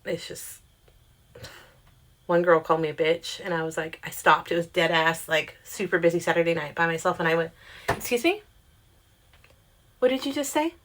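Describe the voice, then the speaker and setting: Chatty young woman telling a story. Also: a little fast. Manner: chatty, animated, swears freely, quotes herself in pitched-up voices. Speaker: storyteller vlogger. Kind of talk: casual storytime monologue.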